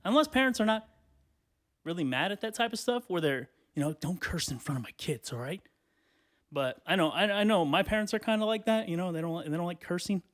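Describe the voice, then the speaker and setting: Young male podcast host, twenties, profane animated solo rant, slightly high voice. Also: quick pace. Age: 20s.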